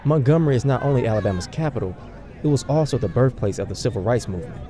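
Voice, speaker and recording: Fast-reading male field reporter, crowd behind. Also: medium pitch, expressive. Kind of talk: scripted news report. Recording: crowd noise from outdoor rally.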